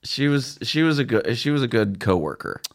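A man's voice: mid-range voice, lively intonation. A man hosting a casual comedy talk show, teasing his guests and cutting in with jokes. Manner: joking, quick to tease and interrupt. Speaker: podcast host. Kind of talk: casual chat.

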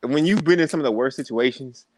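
A man's voice: medium pitch, fast, no room sound. A young adult man, a podcast guest, telling stories in a casual interview and acting out the voices of the people in them. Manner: animated storyteller, acts out quoted voices.

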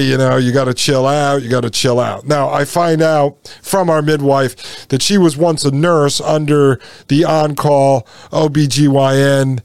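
Gravelly, animated male podcast host. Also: on the high side, no room sound. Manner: animated, blunt, indignant storytelling with casual asides. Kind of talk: personal storytelling monologue.

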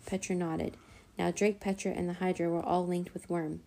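A woman reading a children's chapter book aloud in a steady, even narrating voice. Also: lowish voice, normal speed, vocal fry. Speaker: storyteller.

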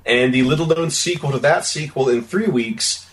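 A man's voice: mid-range voice, normal speed, slight background noise. A man co-hosting a podcast, chatting casually with wry jokes. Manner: wry, joking. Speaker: podcast co-host.

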